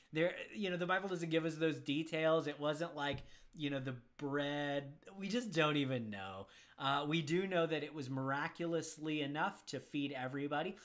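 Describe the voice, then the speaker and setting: A man's voice: fairly high pitch, fairly bright tone. A man teaching as he answers viewer questions about the Bible, conversational and thinking aloud. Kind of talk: casual Bible Q&A.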